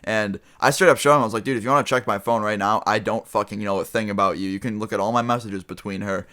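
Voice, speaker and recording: A man's voice: fairly low pitch, steady tone, fast talker, bright, forceful tone. A young man telling a casual storytime vlog, rambling with lots of fillers and swearing. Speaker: vlogger.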